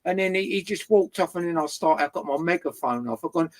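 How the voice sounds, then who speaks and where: Swearing nonstop, animated storytelling in casual chat, mid pitch. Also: quick pace. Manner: swears constantly, animated retelling. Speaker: guest.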